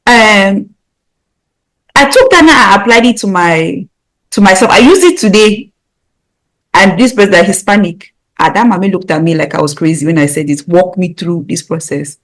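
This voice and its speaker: A woman from Africa in a casual podcast discussion, animated and breaking into high laughing bursts while telling a story. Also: normal speed, poor audio.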